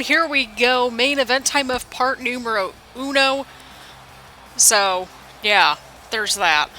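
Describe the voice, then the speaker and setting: Bright-voiced woman doing rambling game commentary. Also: on the high side, slight background noise, rough recording. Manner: rambling and self-deprecating, jokes about her own slip-ups. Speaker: let's play commentator. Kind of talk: casual play-by-play commentary over a video game. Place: home apartment.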